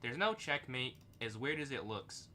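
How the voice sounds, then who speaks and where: A man's voice: medium pitch, moderate pace, a little hiss or hum. A young man streaming chess live, thinking aloud about his moves and answering chat. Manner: thinks aloud, reads chat, excitable outbursts.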